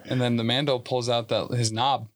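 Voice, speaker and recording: A man's voice: mid-range voice, level tone, normal speed, no room sound, studio quality. A man co-hosting a podcast, joking around in casual chat and acting out scenes. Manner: jokey, acts out scenes in quotes. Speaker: podcast co-host.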